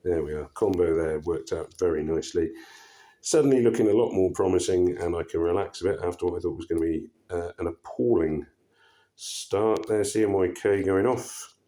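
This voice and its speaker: A man giving casual commentary over his own puzzle game, relaxed and muttering to himself with frequent pauses and fillers. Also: low voice. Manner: relaxed, muttering asides with many ums. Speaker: gaming channel host.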